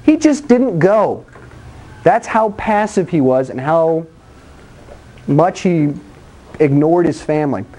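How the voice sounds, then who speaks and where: A preacher giving a sermon, telling Bible stories in an animated, conversational and blunt way, acting out voices and sound effects. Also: mid-range voice, slow, long pauses.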